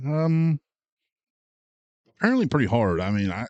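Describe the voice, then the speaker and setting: A man co-hosting a film podcast, going through his notes in a measured, matter-of-fact way. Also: mid-range voice, very animated, darkish tone, no echo, lo-fi sound. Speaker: podcast co-host. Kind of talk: casual chat.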